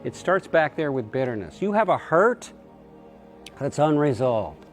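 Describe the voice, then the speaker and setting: A man's voice: sing-song, unhurried. Man, middle-aged, pastor, short sermon, acts out quotes, light music under the voice. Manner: acts out quotes with raised pitch.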